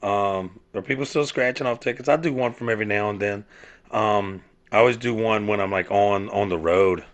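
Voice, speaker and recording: A man from South Georgia, USA, hosts a casual podcast monologue in a low-leaning voice at a moderate pace. He rambles and swears, full of fillers and restarts.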